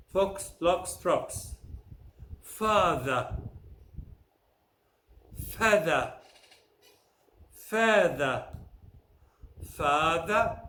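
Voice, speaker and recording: Slow, deliberate man drilling pronunciation. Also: high voice, fairly bright tone. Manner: says each word clearly, then repeats the list. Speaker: pronunciation teacher. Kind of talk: slow drilled word lists. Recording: echoey room with faint noise.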